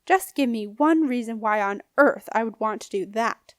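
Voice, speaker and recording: Lady doing a sneery old ghost man, growly and snappy, kinda high voice, dry close sound. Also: expressive, normal speed, smooth, no room sound, natural voice. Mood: menacing. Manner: sneering, bullying. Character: scornful old male ghost scribe, menacing. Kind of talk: audiobook character reading.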